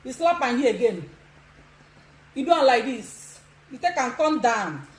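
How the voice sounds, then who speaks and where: A woman's voice: high-pitched, sing-song, unhurried. Bold, laughing Nigerian woman in her sixties. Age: 60s. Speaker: live video host. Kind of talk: social media live demonstration. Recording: echoey room.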